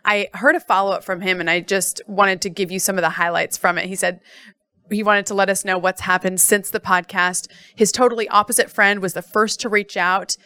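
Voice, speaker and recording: A woman's voice: medium pitch, steady tone, a little fast, bright, forceful tone, smooth, no room sound. A woman co-hosting a podcast, chatting casually in an upbeat way and laughing easily. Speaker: podcast co-host.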